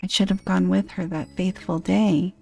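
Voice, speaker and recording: A woman voicing a tearful, bashful, lovesick male ogre in a game, speaking softly and earnestly. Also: lowish voice, fairly even intonation, normal speed, creaky, soft background music. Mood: tender.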